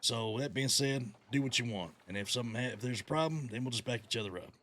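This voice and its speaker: A man's voice: mid-range voice, fast, a bit bright, slight background noise. A man in character as a western outlaw gang leader, giving orders in a profane, folksy drawl over a headset mic. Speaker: gang leader in role-play.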